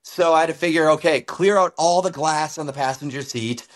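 A man with a somewhat high voice tells a story as a podcast guest. He is a former pro snowboarder, and his delivery is casual and animated. He keeps dropping in easygoing fillers. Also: brisk. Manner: animated, loose, uses many fillers like "like" and "dude".

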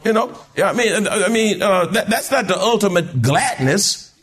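Animated preacher with a high, lively voice. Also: male voice, unhurried, husky. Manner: call-and-response preaching, rising to shouts. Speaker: pastor. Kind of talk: sermon. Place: church.

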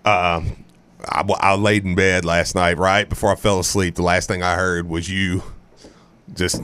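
A man's voice: low-pitched, a bit bright. A man co-hosting a casual sports talk show, rambling and correcting himself as he talks, with frequent laughs. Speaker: co-host, former player.

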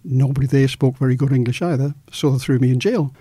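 Middle-aged male journalist storyteller, animated, dry close sound. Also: medium pitch, fast, slightly rough, no echo. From Australia. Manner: animated storyteller, acts out quoted dialogue. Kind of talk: storytelling in an interview.

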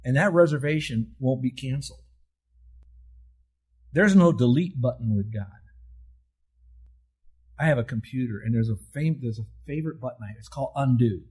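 A man's voice: mid-range voice, normal speed, long pauses, a little mellow, slightly rough. A man in his seventies preaching a sermon, teaching in an emphatic way with rhetorical questions and telling listeners to circle and underline words. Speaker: pastor.

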